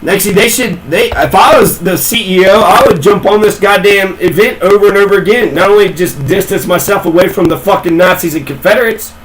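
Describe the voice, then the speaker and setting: A man's voice: high voice, a little fast, hardly any pauses, fairly bright tone, a little hiss or hum, poor audio. A man ranting in a casual, rambling way, swearing a lot and repeating himself. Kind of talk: casual profane rant.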